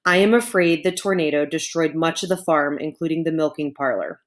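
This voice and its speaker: A woman voicing a calm, helpful female robot in a storybook reading, speaking in a measured way. Her tone stays level and soothing as the robot reassures the farm animals. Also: low voice, lightly acted.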